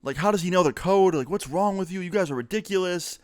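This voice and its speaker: A man doing a furious young guy yelling at his mom. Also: sits high, fast talker, no echo, clean studio sound, pitched above the performer's own voice, natural voice. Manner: shouting, cursing, exasperated.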